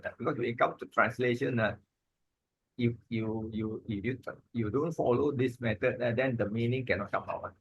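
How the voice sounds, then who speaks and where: A man, teaching Pali grammar in an informal lesson, halting and repeating himself, with many "ah" and "lah" fillers. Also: lowish voice, gravelly, fairly bright tone, slightly rough, dry recording, low-quality recording.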